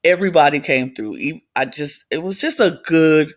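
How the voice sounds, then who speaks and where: A man co-hosting a podcast in casual chat, relaxed and given to repeating himself. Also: fairly high pitch, moderate pace. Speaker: podcast co-host.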